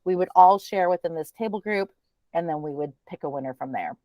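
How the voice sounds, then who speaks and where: A woman presenting a teacher training webinar in a chatty, relaxed way, with many ums. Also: fairly low pitch, brisk, dry recording, dull audio.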